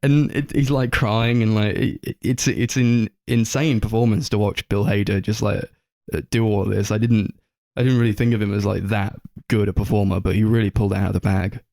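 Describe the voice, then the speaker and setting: A man's voice: fairly low pitch, steady tone, brisk, gravelly, a little mellow, dry recording, clean studio sound. A young man co-hosting a podcast, chatting casually about a show and rambling through lots of fillers and swearing. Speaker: podcast co-host. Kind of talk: casual film chat.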